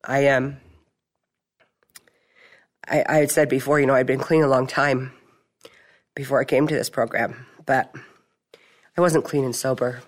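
A middle-aged woman sharing her testimony at a recovery meeting, telling stories in a chatty, animated way. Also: rumbling low, a little slow, long pauses. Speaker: support group member.

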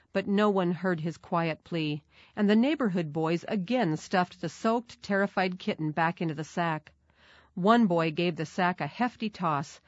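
A woman narrating a children's storybook in a measured, clear manner. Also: fairly low pitch, no echo. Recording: dull, dry recording.

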